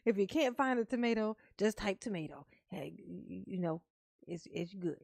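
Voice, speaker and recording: A woman's voice: mid-range voice, unhurried, creaky, a little mellow, no echo, clean studio sound. A woman hosting a casual livestream, teasing and laughing often, fondly calling herself Mama to her viewers. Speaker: livestream host. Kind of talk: casual live-stream commentary.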